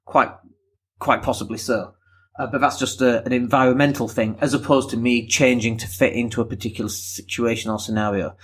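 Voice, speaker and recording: A man from Leeds with a softened Northern English accent, rambling candidly through a solo podcast with the odd swear. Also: medium pitch, fairly even intonation, a little fast, husky. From Leeds, England. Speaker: podcast host.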